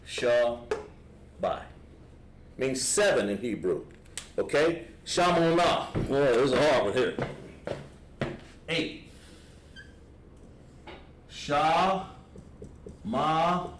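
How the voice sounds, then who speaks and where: This man's voice is medium in pitch, with lively intonation, drawn-out words, and frequent pauses. He speaks with a Southern American accent and teaches Hebrew lettering, guiding his class patiently through the lesson step by step. It sounds like an echoey room with background noise.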